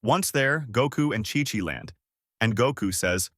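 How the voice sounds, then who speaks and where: A man hosting and reading a fan-made story in a plain, steady narration. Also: medium pitch, a little slow, no echo, clean studio sound. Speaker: host.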